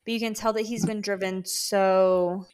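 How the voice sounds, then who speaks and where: A woman's voice: mid-range voice, fairly even intonation, moderate pace, a little mellow. A woman co-hosting a casual book podcast, recapping the plot with wry, dry asides. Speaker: podcast co-host.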